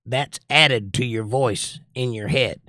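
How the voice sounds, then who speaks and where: A man's voice: mid-range voice, takes it slowly, bright, forceful tone, no room sound. Dry-voiced Georgia man hosting a chat stream. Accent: Georgia (US Southern), mostly suppressed. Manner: reads chat aloud in a lifted voice, then muses analytically. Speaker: livestream host reading chat. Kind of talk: casual chat.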